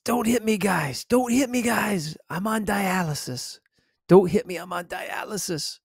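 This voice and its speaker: A man voicing a frail, sick older man shoplifter who yells and begs in a high, strained voice. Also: a little slow, slightly rough, no echo, studio quality, heavily acted. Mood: pleading. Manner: yelling pleas in a high strained voice.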